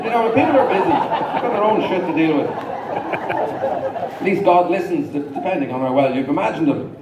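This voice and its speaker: A man's voice: sits high, lively intonation, normal speed, dull audio, crowd noise. A middle-aged man performing stand-up comedy, dry and self-deprecating, with rambling asides. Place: large live venue with audience. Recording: echoey hall, distant mic, noisy. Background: audience laughter.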